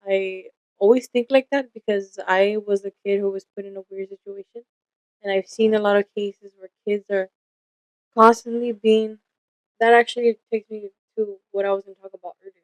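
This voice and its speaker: A woman's voice: mid-range voice, steady tone, normal speed, dry recording, poor audio. A young woman co-hosting a casual podcast, telling stories candidly and swearing freely, acting out the lines of the people in them. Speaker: podcast co-host.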